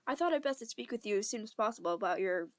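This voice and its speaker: A woman's voice: mid-range voice, lively intonation, racing, no room sound, natural voice. A strict older schoolmistress speaks in a reedy, clipped Scottish accent, prim and controlled, as a young woman reading an amateur audiobook puts her on. She stays firm but kind underneath. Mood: prim, stern.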